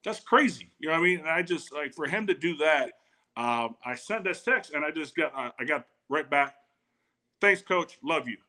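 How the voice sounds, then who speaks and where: A man in his forties with a bright, forceful voice, spinning animated stories in casual conversation. He restarts sentences and slips into the voices of the people he quotes. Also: a little high, fairly quick. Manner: animated anecdotes with repeated starts, quotes others. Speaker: guest, former football tight end. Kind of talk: casual storytelling chat.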